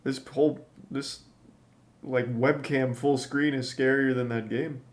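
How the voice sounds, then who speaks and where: A male streamer talks through a horror game in an unhurried, drawling way. His commentary is deadpan and sarcastic, broken by sudden startled yelps at the scares. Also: mid-range voice. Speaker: gaming streamer. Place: home streaming setup on webcam.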